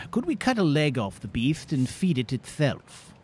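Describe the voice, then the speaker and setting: Voicing his character in a video game, a man plays a fussy, bookish adventurer who is easily flustered and favors prim, formal phrasing, grumbling to himself between lines in an exasperated mood. His pitch swoops wildly and his slow, drawn-out delivery is a little mellow. There's a slight hiss or hum in the recording.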